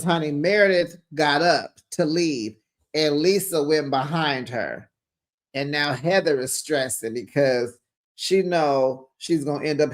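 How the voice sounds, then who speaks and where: Chatty man with a higher voice. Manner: chatty, gossipy, acts out quotes with sass. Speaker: host. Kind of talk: casual reality TV recap commentary.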